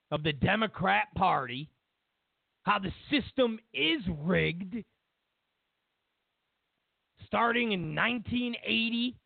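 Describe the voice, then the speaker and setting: A man's voice: high-pitched, creaky, dry recording. A man hosting a political talk show, delivering a heated, sarcastic opinion monologue. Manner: heated and sarcastic, mocks others in put-on voices. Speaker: political commentary host. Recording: dry, phone-like lo-fi sound.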